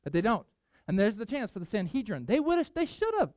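A male pastor preaching to his congregation in a high, lively voice. He speaks emphatically, with big swings in pitch. The sound is dry and close. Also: a little fast, no room sound. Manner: emphatic, animated, conversational preaching. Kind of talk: sermon.

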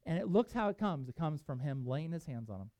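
Pastor, sermon, animated storytelling, reads scripture, dry close sound. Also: mid-range voice, fairly quick, no room sound, muffled recording.

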